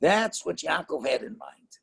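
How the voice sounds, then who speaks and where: A man, a rabbi, giving a Torah class lecture with emphatic stresses and rhetorical questions, swinging between loud stresses and soft asides. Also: a little high, wildly swooping pitch, measured pace, gravelly, breathy edge. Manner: emphatic, rhetorical questions, mixes Hebrew and Yiddish terms.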